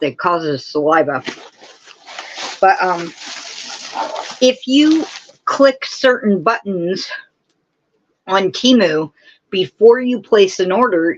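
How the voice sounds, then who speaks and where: A woman hosts a relaxed crafting livestream, drifting from one thought to the next and stopping to answer viewers' comments. She talks slowly and unhurriedly. The audio is dull and lo-fi. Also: mid-range voice, a little hiss or hum. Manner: rambling, chatty, answers chat comments. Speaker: host of a live crafting stream. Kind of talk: casual chat with live viewers.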